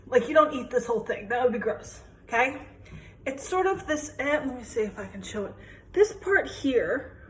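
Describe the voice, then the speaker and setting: A young woman with a fairly high voice talks her way through a home cooking demo. Her talk is chatty and rambling, with a self-deprecating streak. The kitchen around her sounds echoey. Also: a little hiss or hum. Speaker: home cook vlogger. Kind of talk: casual cooking demonstration.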